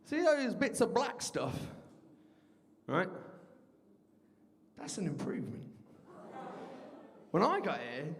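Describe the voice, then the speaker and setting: A man's voice: high-pitched, wildly swooping pitch, slow, long pauses, long reverb tail, a little hiss or hum. A young man from Birmingham doing a crude, rambling stand-up set with lots of crowd work in a student bar. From Birmingham, England. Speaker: stand-up comedian.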